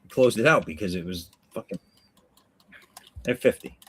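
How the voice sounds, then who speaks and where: A man hosting a relaxed live drawing stream, joking and rambling in casual chat with a friend. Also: lowish voice, moderate pace, slightly rough. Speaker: comic artist streamer.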